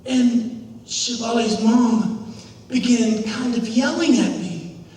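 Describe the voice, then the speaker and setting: A man with a drawl acts out a dramatic monologue as an oldest son, his voice very high and thin. He is heard from far off in a big, echoing hall with a long reverb tail. His storytelling swings between joking and grief, sometimes rising to shouts. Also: slow pace. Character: boy from the firstborn family, oldest son. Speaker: actor in a church drama monologue. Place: large hall or campground venue.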